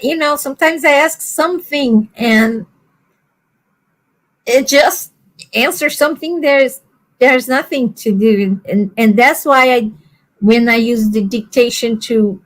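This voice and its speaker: A woman chats casually on a stream, often pausing to search for words and laughing. Her voice sits fairly high. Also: rough recording. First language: Portuguese. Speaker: livestream co-host. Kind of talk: casual chat.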